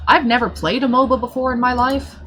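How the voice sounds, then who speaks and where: A woman's voice: fairly high pitch, brisk, noisy background. Blunt, foul-mouthed woman streamer. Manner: blunt, profane, animated storytelling. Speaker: livestreamer. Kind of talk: casual storytelling chat on a live stream.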